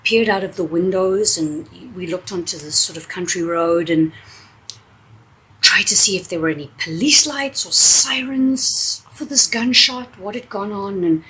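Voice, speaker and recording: Woman, husky voice, bright tone, casual storytelling, chatty. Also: fairly low pitch, moderate pace, poor audio. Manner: chatty, animated, with fillers and restarts. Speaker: storyteller and English teacher.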